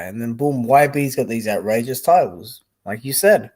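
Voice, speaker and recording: A man's voice: mid-range voice, sing-song, moderate pace, darkish tone. A young man giving casual, rambling live-stream commentary on boxing, blunt and swearing freely.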